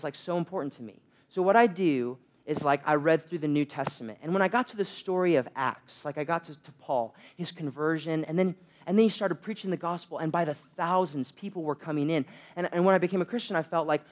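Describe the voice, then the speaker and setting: A young man preaching a sermon, telling humorous, self-deprecating stories. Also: a little high. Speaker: pastor.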